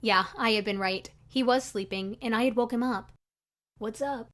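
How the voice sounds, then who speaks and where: A young woman narrating her own story in a chatty, confessional, scripted style for an animated video. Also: on the high side, fairly quick.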